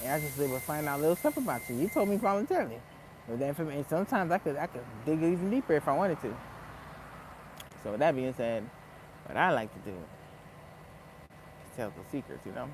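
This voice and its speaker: A man's voice: a little high, a little fast, long pauses, background noise. A man telling a story in a casual, profane rant as a vlogger, breaking into laughs. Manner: animated, profane, laughs between lines.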